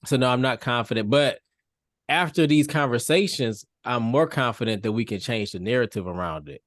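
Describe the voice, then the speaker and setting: A man speaking as a therapist on a panel, measured and reflective. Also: mid-range voice, fairly bright tone, dry recording, studio quality. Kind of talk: panel discussion.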